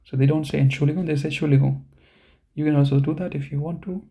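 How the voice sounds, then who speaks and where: Gravelly-voiced man teaching a language class. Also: a little high, steady tone, rapid-fire, dark tone. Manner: explanatory, with frequent "you know" and "okay". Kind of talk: online class lecture.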